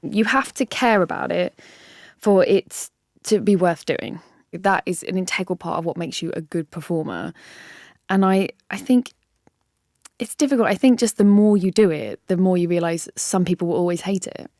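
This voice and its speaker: A woman comedian telling stories as a podcast guest, animated and laughing often. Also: fairly low pitch, normal speed, no echo, clean studio sound. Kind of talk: casual interview chat.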